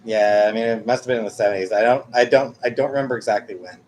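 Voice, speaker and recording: A man's voice: lowish voice, fast, a little mellow, slight background noise. Rambling man in his forties. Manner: rambling, hesitant, self-correcting. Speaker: streamer reading chat. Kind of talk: casual chat.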